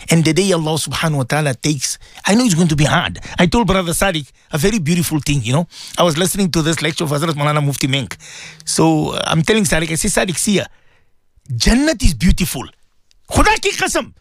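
A man's voice: fairly high pitch, dry recording, clean studio sound. A man hosting a call-in religious radio talk show, speaking emotionally and repeating himself as he preaches. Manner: emotional, animated, repetitive preaching. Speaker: radio host and religious teacher.

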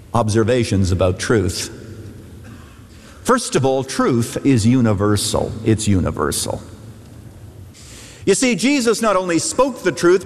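A man, a pastor, preaching a sermon with emphatic, rising repeated phrases. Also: on the high side. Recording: echoey hall reverb. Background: long hall reverb.

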